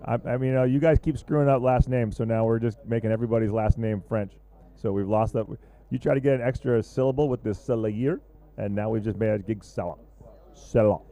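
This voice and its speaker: A man's voice: mid-range voice, fairly even intonation, a little fast, mellow. A man commentating live at a surf contest, loose and joking, rambling with lots of fillers.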